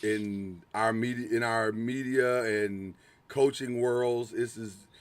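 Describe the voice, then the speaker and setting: A man co-hosting a sports podcast in casual, animated chat, often repeating words and laughing. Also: medium pitch, takes it slowly. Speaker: podcast co-host.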